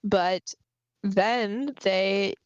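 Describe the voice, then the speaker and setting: A woman's voice: mid-range voice, steady tone, extremely slow, clear, resonant tone, no room sound, lo-fi sound. A woman co-hosting a casual livestream discussion, chatty and giggly, recapping chapters with lots of fillers. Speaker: podcast co-host.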